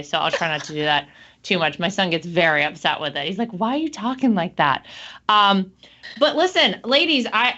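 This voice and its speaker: A woman's voice: medium pitch, sharp tone, dull audio. A woman hosting a casual chat show, talking in an upbeat, chatty way. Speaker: host.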